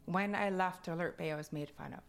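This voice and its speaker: A woman's voice: fairly low pitch, fairly even intonation, brisk, faint music behind. A woman with a Kwakwala-influenced English accent tells personal stories in an interview, laughing often and getting emotional. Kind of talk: personal storytelling.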